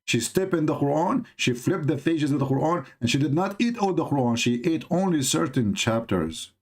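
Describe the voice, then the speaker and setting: A man's voice: on the high side, animated, moderate pace, slightly rough. A man from the Middle East, a native Arabic speaker, hosting a live stream and mocking a video with rhetorical questions in broken English. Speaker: host of a religious debate live stream. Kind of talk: sarcastic live commentary on a video.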